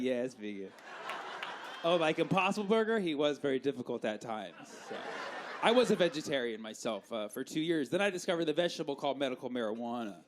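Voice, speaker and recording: A man doing a stand-up set, goofy and excitable as he tells his jokes. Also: fairly high pitch, slight background noise. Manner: goofy, excitable joke telling. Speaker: stand-up comedian.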